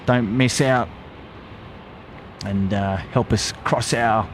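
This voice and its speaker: Upbeat Aussie bloke hosting a stream. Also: male voice, lowish voice, steady tone, slow pace, slight background noise. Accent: Australian. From Australia. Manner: upbeat, friendly, lots of "g'day, mate". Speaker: live stream host. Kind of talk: live stream chat shout-outs. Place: outdoors at an airport plane spotting spot.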